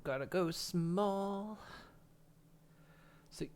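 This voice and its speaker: A man's voice: a little high, lively intonation, a little slow, a bit bright, slight background noise. A man streaming a game, joking, laughing often and chatting casually with his viewers. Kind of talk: casual gameplay chat.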